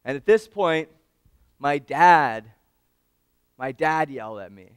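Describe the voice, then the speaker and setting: A man giving a storytelling speech at an awards event, animated and swinging between loud and hushed moments, talking straight to the audience. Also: on the high side, slow pace, smooth, dry recording, studio quality. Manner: addresses the audience directly.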